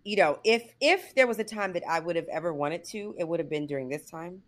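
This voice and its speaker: A woman's voice: fairly low pitch, expressive, fairly quick. A middle-aged woman co-hosting a podcast, chatting casually and acting out quoted voices with expression. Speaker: podcast co-host. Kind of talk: casual chat.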